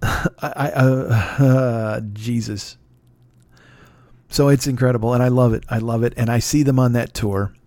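A man hosting a podcast, chatting casually about music as an excitable fan who swears constantly and gushes with enthusiasm. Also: mid-range voice, a little slow, dry recording. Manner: excitable, heavily profane, fan gushing. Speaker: podcast host.

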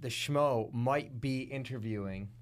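A man with a mid-pitched voice co-hosts a podcast in casual chat. He sounds relaxed and mostly chimes in with short interjections. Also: measured pace. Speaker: podcast co-host.

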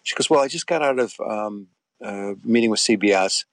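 A middle-aged man with a lowish voice speaks at a moderate pace in a dry recording. He's an interview guest telling a personal story, rambling conversationally and often restarting his sentences.

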